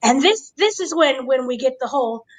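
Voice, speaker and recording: A woman hosting a casual review chat, giving an excited blow-by-blow recap and checking in with her listeners. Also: high voice, fairly quick, slight background noise, rough recording. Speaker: podcast host.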